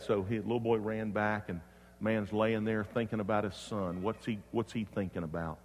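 A man preaching a sermon as pastor, swinging from loud emphatic preaching to hushed, quiet storytelling. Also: fairly low pitch, fairly even intonation, moderate pace, big-room sound, a little hiss or hum.

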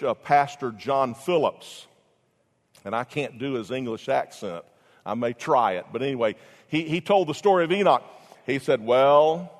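A man preaching a sermon as pastor, rising loud for emphasis and dropping low, often restarting his phrases. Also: in a large hall.

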